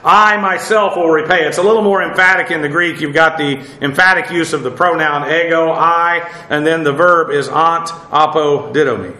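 Man teaching scripture, bright echoey voice. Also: a little high. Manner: measured, many pauses and fillers, spells out Greek words. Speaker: pastor. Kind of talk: expository Bible teaching.

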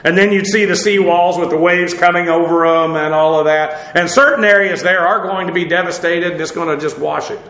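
A man's voice: on the high side, pushed and bright. Rambling man teaching scripture, echoey room. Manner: rambling, conversational, frequent fillers and restarts. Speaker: Bible teacher. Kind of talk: informal Bible study teaching.

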